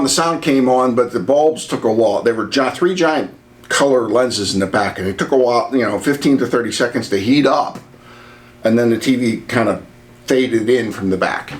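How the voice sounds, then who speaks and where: A middle-aged man hosting his channel, telling a personal story in a relaxed, blunt way and swearing freely. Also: mid-range voice. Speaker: channel host. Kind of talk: casual storytelling vlog.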